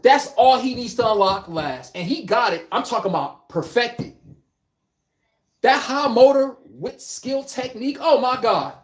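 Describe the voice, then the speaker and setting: Casual sports commentator, lively pitch, mid-range voice, trash-talking and animated. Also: a little slow. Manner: animated, profane, blunt trash talk; acts out quotes in mock voices.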